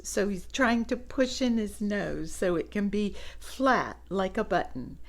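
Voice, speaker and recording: A woman reading a picture book aloud to children, gently pointing out the pictures and laughing softly. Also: medium pitch, slow pace.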